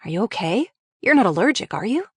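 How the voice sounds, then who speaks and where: A woman reading a memoir aloud, voicing her husband as a calm, matter-of-fact man in a dry recording. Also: medium pitch, fast, breathy edge, dry recording. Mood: concerned. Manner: calm, mildly concerned.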